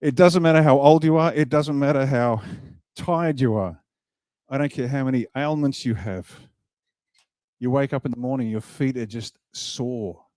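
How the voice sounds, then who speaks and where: Brief: man, motivational speaker, mellow tone, dry close sound, emphatic with jokes. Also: medium pitch, moderate pace, no room sound. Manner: emphatic, animated, jokes with the crowd. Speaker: party leader giving a speech. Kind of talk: motivational public speech. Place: event hall.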